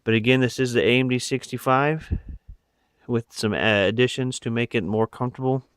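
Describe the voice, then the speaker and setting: Man, casual show-and-tell, rambling, smooth clear voice, dry sound. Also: mid-range voice, fairly even intonation, moderate pace, fairly bright tone, no room sound. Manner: rambling, many fillers and asides. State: out of breath. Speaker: rifle owner showing his gear. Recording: phone recording.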